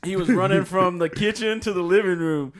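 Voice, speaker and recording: High-voiced man telling a story. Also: fairly quick. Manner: hesitant at first, then lively and laughing. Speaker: podcast co-host. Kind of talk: casual storytelling chat.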